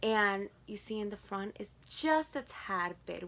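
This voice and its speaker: A woman's voice: medium pitch, animated, moderate pace, few pauses, a bit bright, slight background noise. A woman in her twenties with a Spanish accent, chatting to camera in a casual haul vlog, gushing and repeating words for emphasis. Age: 20s. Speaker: vlogger.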